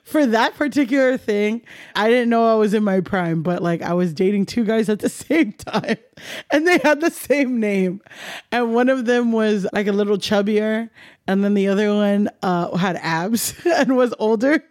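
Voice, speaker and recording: Young woman comic, candid and animated, acts out her own stories; dry booth sound. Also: mid-range voice, moderate pace, no echo. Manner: animated, laughing, swearing, acts out dialogue. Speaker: comedian guest. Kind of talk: candid storytelling interview.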